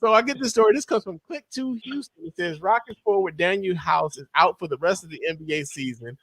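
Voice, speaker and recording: A man in his thirties co-hosting a podcast, chatting casually about sports with loud, laughing, profane banter. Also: high voice, brisk, creaky, faint music behind. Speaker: podcast co-host.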